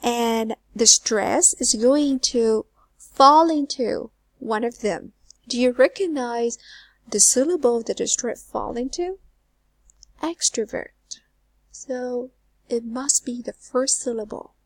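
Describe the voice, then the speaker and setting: A woman teaching an English lesson, asking learners questions and repeating words slowly, with phrase ends trailing to a near whisper. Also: on the high side, no echo. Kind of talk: recorded online lesson.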